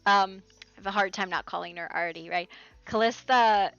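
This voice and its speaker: A woman streaming live, chatting casually with viewers, excitable and laughing, going loud and soft. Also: mid-range voice, normal speed, vocal fry, dry recording, lo-fi sound, soft background music.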